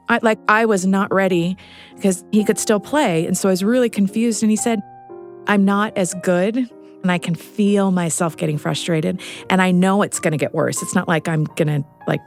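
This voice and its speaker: Middle aged woman telling a story earnestly, bit of fry in her voice, soft music under. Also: medium pitch. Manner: earnest, storytelling, at times choked up. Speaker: guest. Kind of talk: emotional interview.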